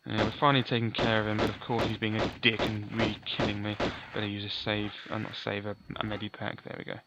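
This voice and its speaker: A man's voice: fairly low pitch, little pitch movement, fast talker, very noisy. A man giving chatty, offhand let's play commentary, often correcting himself. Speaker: gaming commentator.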